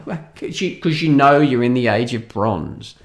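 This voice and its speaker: A man's voice: medium pitch, animated, unhurried. An Australian man giving an opinionated film review, talking in an incredulous, ranting way with scoffing laughs. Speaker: movie reviewer.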